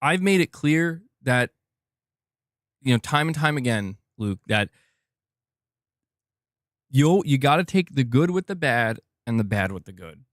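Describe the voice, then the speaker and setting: A man's voice: medium pitch, very animated, a little slow, long pauses, no echo, studio quality. A man hosting a gaming news livestream in casual commentary, reading donations aloud and talking straight to his chat. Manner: chatty, reads donations aloud, talks to chat directly.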